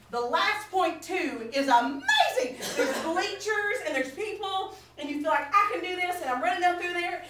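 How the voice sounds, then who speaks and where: A woman telling a comic story to a live audience, animated and laughing as she talks. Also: high voice. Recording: echoey room from far off, noisy.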